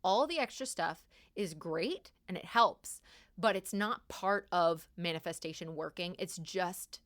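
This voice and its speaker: A young woman hosting a podcast, giving casual spiritual advice in an emphatic, animated way and repeating key words for stress. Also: fairly low pitch, measured pace. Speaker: podcast host.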